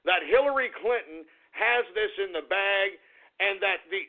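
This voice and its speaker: A man's voice: high voice, unhurried. A male radio host in an agitated, profane, repetitive rant, venting about an encounter and a lot on his mind. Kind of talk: ranting talk radio monologue. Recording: tinny phone-like radio audio.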